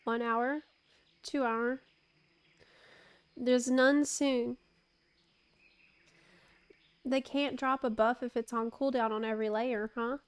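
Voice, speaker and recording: A woman's voice: on the high side, fairly even intonation, takes it slowly, long pauses, clear, resonant tone. A woman in her thirties streaming a game, chatting casually with her chat. She laughs often and swears casually. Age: 30s. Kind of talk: casual live-stream chat while gaming.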